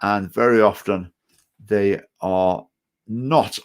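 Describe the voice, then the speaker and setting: Stoke-on-Trent man, party chairman, chats casually through viewer comments; halting, repeats words, opinionated. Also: lowish voice. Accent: Stoke-on-Trent English with some Scottish phrases. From England. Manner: hesitant, repeats words, digressive opinionated talk. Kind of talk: casual live-stream chat reading out comments.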